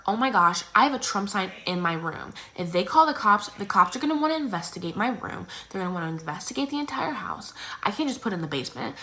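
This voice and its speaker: A teenage girl telling a personal story in a casual, chatty way, full of "like" and "um", acting out others in squeaky voices. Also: bright, forceful tone. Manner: acts out others' lines in squeaky exaggerated voices.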